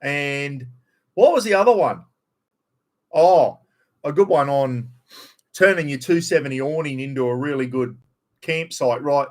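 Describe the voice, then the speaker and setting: Man, North Queensland Australian accent, middle-aged, blunt rambling live stream chat, slightly higher voice. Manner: blunt, rambling, swears freely.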